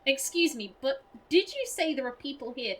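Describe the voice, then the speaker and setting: A woman's voice: high voice, very animated, moderate pace, a little hiss or hum. A woman reading a skeptical young male investigator's dialogue in her own plain voice, blunt and doubting. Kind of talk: reading game dialogue aloud.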